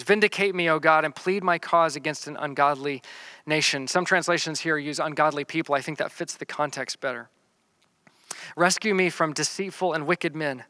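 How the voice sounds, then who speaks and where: A man with a bright, forceful voice preaches through a psalm, reading the verses slowly before explaining them. His delivery is earnest and plain, with frequent repeated words and restarts. The sound is dry and close, pitched a little high for a man. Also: dry recording. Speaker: pastor. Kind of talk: sermon teaching through a psalm.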